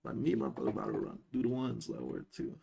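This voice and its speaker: A man's voice: medium pitch, sing-song, fast talker, vocal fry, warm tone, breathy edge, dull audio. A young man chatting casually, reacting with slang and giving loose boxing tips. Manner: laid-back slang, reacts and jokes. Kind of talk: casual chat.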